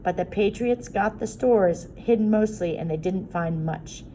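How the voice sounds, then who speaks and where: A woman reading a story aloud, voicing an excited young male soldier in a raised, eager voice. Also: medium pitch, unhurried, a little hiss or hum, natural voice, rough recording.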